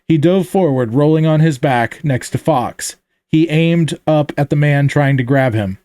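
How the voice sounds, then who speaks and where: A man reading his own action story aloud in an online chat, steady but often correcting himself mid-line. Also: on the high side, unhurried, no room sound.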